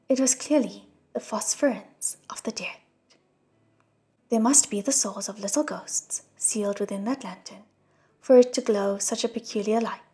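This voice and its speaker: A woman reading a novel aloud as an audiobook narrator, with a soft, hushed delivery. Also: fairly high pitch, breathy edge. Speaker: audiobook reader. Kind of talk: scripted narration.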